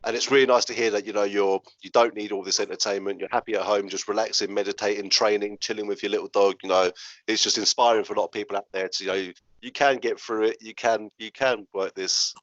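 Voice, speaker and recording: A man's voice: fairly low pitch, fairly even intonation, fast talker, fairly bright tone, no echo. A man hosting a casual interview, chatty and friendly, saying "mate" a lot. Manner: chatty, matey, lots of "mate". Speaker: host. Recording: dull lo-fi sound.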